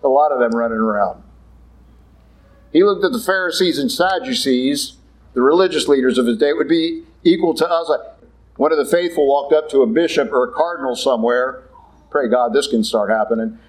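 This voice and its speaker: A man's voice: mid-range voice, brisk, poor audio. A man, a Catholic priest, giving a conversational sermon with blunt asides, now and then acting out the voices he quotes.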